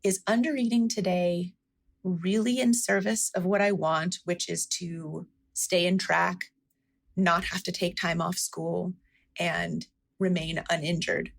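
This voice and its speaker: A woman's voice: lowish voice, steady tone, takes it slowly, creaky. A woman physician answering interview questions in an earnest, explanatory way, stressing each word in a list. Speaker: physician guest.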